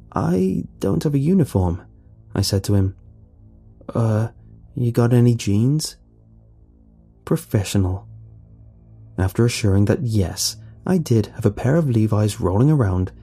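A man narrates a first-person horror story in a low-key, wry manner. His voice is husky and dark, yet his pitch moves a lot. Faint music sits under him.

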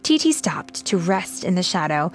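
A woman reading a storybook aloud to a child, stopping now and then to chat about the story. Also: fairly low pitch. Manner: slow, animated, stops to chat with the child.

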